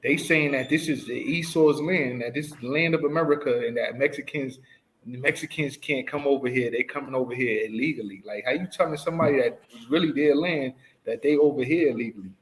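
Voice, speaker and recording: A man's voice: mid-range voice, fairly quick, a little hiss or hum, poor audio. Emphatic man leading a scripture study. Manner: emphatic, keeps prompting reader with "right?". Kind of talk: casual Bible study teaching.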